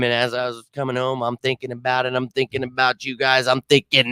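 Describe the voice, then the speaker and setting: A man's voice: mid-range voice, monotone, a little fast, few pauses, clear, resonant tone, dry recording, studio quality. Fired-up man ranting on a live fan show. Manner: fired-up, ranting, blunt, swearing; shouts out viewers by name. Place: home.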